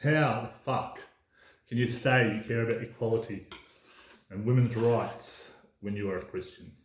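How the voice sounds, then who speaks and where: A man's voice: mid-range voice, moderate pace, slight background noise. A man delivering an emphatic, ranting casual monologue as a podcast host, swearing freely. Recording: roomy echo.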